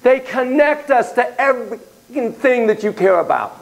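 Speaking in a very high-pitched, unhurried voice with vocal fry, a man lectures a class theatrically. He shifts between hushed remarks and loud exclamations while repeatedly asking students questions, all captured in poor audio.

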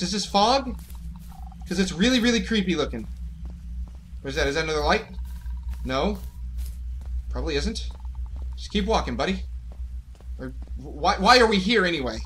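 A man's voice: high voice, expressive, normal speed, long pauses, fairly bright tone, a little hiss or hum. A man hosting a horror game playthrough, talking nervously to his viewers in frightened, jittery bursts. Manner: jittery, panicky, talks to viewers. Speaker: gaming channel host. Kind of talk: horror let's play commentary.

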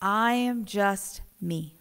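A woman pastor preaching a conversational sermon in a church, animated and emphatic with repeated phrases. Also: mid-range voice, drawn-out words, clear, resonant tone. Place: church sanctuary.

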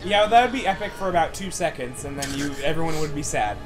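A man's voice: fairly high pitch, lively intonation, quick pace, music in the background, rough recording. A man joking casually with friends while reviewing a cartoon series. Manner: joking, quotes characters with laughter. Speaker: show reviewer. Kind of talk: casual group chat.

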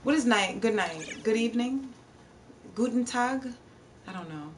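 A woman's voice: on the high side, animated, a little slow, pauses often, far from the mic, slight background noise. A woman live streamer chatting casually and answering her viewers' chat messages. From Virginia, USA. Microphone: streaming setup.

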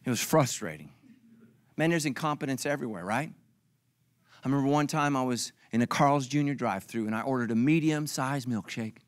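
A man's voice: medium pitch, brisk, no room sound. A middle-aged male pastor giving a comedic sermon, acting out other people's lines for laughs.

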